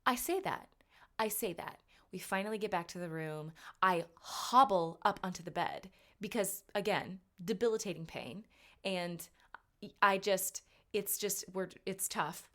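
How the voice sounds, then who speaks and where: A woman hosting a podcast, telling a story in a casual, animated, self-mocking way, with her voice jumping up for punchlines. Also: mid-range voice, unhurried. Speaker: podcast host.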